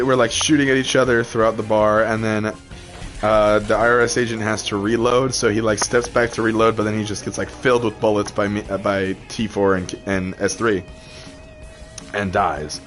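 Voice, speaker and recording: Here a gaming host with a lowish, somewhat bright voice chats while he plays. His story wanders along loosely, punctuated by frequent laughs and fillers.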